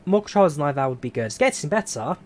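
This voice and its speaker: A man streaming a flight simulator, chatting casually and answering viewer questions in a relaxed, rambling way. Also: a little high, racing. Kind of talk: casual live-stream chat.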